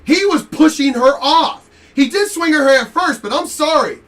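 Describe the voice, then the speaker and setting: Man with a high voice, profane storytelling rant, distant mic. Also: normal speed. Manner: animated, profane, laughing asides. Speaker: reaction video commentator.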